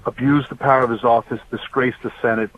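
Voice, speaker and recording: A man's voice: mid-range voice, fairly even intonation, quick pace, slight background noise. A middle-aged man from New Jersey, a political candidate calling in by phone, talking with upbeat campaign energy. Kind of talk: phone-in interview. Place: campaign event venue. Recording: tinny phone line.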